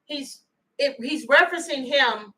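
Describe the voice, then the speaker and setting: Chatty bright-voiced woman. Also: high voice, unhurried, rough recording. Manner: chatty, animated, thanks viewers by name. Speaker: tarot reader. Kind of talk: livestream tarot reading.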